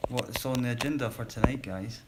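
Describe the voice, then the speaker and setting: A man on a live stream, chatting casually and quietly to viewers during a break from his shift, rambling and poking fun at himself. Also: medium pitch, a little fast, heavy background noise. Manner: rambling, chatty, self-deprecating; talking quietly. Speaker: livestreamer on a work break.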